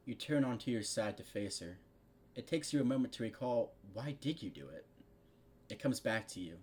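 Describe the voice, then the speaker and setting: A man's voice: mid-range voice, expressive, moderate pace, a little mellow. A young man casually reading a fan story aloud, breaking off for crude asides, swearing and frequent laughter. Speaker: fan fiction reader.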